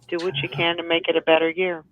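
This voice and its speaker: A co-host chatting on a morning show, hopeful and chatty, with lots of "you know" fillers. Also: female voice, lowish voice, flat delivery, quick pace, highs cut off, slight background noise. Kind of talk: casual morning show chat.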